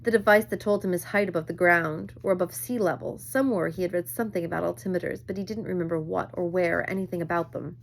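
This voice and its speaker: A woman reading a novel aloud at a measured pace, with occasional small slips. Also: on the low side, fairly even intonation, gravelly, a little hiss or hum. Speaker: reader.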